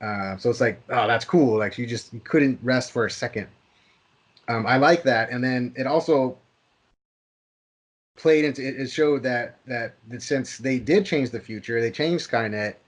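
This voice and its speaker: A man of middle pitch talks through a film in a loose podcast chat. He trips over his words, repeating them as he goes, and keeps breaking into little acted-out reactions. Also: moderate pace. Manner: chatty, repeats and restarts words, acts out reactions in quotes. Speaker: podcast co-host. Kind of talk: casual movie discussion.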